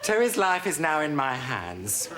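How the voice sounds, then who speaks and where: Camp, arch man with a lively voice. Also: fairly high pitch, a little slow. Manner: camp, arch, full of saucy innuendo. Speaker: sitcom lead playing to a studio audience. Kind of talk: camp sitcom performance with audience interaction. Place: TV studio set before a live audience. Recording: TV studio with loud audience laughter and hiss.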